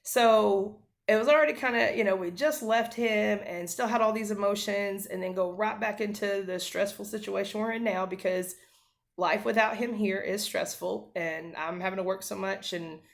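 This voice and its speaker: A woman's voice: mid-range voice, fairly even intonation, moderate pace, creaky. A woman in her thirties, a mother, earnestly telling a family story to camera, with many fillers and restarts.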